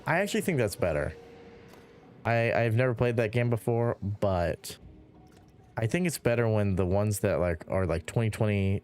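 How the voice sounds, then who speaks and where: A man's voice: medium pitch, darkish tone. A man streaming a building game, rambling casually and reading viewer chat aloud between giggles.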